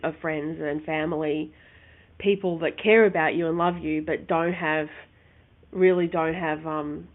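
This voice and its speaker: A woman, co-hosting a casual chat and telling her stories in an animated way, often restarting her sentences. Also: on the low side. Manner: animated storytelling with many restarts. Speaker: co-host. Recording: phone-like narrow sound.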